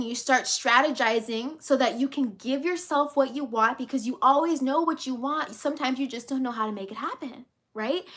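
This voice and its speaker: A woman coach speaks straight to her listeners in a high, bright voice. She preaches with force and swears without holding back. She keeps acting out the inner voices she describes. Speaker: life coach. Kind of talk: motivational monologue to camera.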